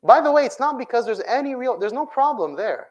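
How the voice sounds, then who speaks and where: A man preaching to young people, lively, with rhetorical questions and phrases mixed into English. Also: extremely high pitch, brisk, poor audio. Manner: animated, rhetorical questions, mixes English with Arabic. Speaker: sheikh giving a talk to young people. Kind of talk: sermon.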